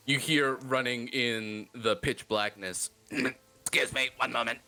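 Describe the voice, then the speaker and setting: A man runs a tabletop roleplaying game as its game master. He narrates scenes in a bright, forceful voice, playful and descriptive, slowing down to draw out the dramatic details. His pitch sits in an ordinary middle range. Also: fairly even intonation, soft background music.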